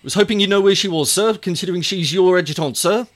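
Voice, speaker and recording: A man's voice: high-pitched, fast talker, pitched above the performer's own voice, natural voice. A needling female trooper sergeant, as a man puts her on for a tabletop game, with a voice raised well above his own. She talks in clipped, dutiful phrases and ends nearly every one with "sir." She sounds mock-deferential. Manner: clipped, tacks "sir" on again and again.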